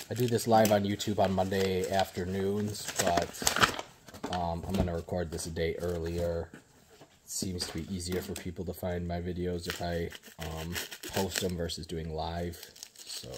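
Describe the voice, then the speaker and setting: A man selling books, casually showing off his newest purchases on video in a relaxed, unhurried way with frequent ums. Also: deep voice, background noise.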